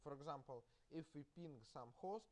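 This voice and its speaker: Russian-accented man lecturing haltingly. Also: a little high. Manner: halting, many filler sounds and restarts. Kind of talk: university lecture. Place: lecture hall.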